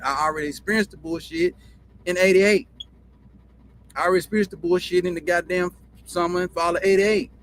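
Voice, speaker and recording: A man's voice: fairly high pitch, fairly bright tone, slight background noise. A man with a Southern country drawl hosting his own show, telling stories in a rambling, profane monologue and repeating himself. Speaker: show host. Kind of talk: casual storytelling monologue.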